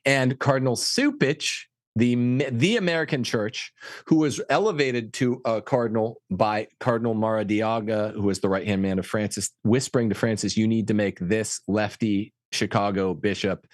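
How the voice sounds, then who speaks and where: A man with a fairly low voice makes his case with rapid, emphatic insistence. The sound is dry and close, with no room around him. It has the feel of an opinionated podcast guest. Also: darkish tone, no echo. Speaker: guest commentator on church affairs. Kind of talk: fast opinionated podcast talk.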